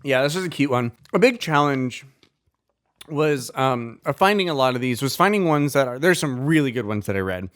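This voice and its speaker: A man's voice: mid-range voice, expressive, moderate pace, fairly bright tone. A young man co-hosting a podcast, chatting casually with jokey, playful banter. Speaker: podcast co-host.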